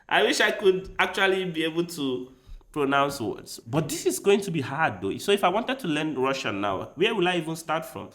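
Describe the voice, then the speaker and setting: A man's voice: fairly high pitch, sing-song, moderate pace, a bit bright. A man streaming chess live, chatting casually with his audience and thinking aloud as he tries out foreign words.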